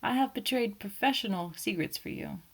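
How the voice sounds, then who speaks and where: A woman voicing an elderly, fussy male Belgian detective, speaking gently and ironically in an audiobook. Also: on the high side, moderate pace, breathy edge, voice pushed up. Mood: gently evasive. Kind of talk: audiobook character voice.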